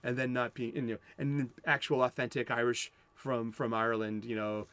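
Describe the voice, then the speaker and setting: A man's voice: mid-range voice, level tone, normal speed, a bit bright, smooth. A man from the United States hosting a comic book show, talking in a rambling, profane, self-interrupting way. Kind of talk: casual rambling chat.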